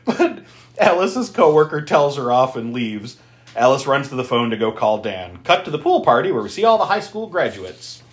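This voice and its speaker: A man co-hosting a podcast, recapping a horror movie in a casual, animated way and laughing often. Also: normal speed, reverberant. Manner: animated, laughing, swearing recap with big pitch jumps. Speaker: podcast co-host.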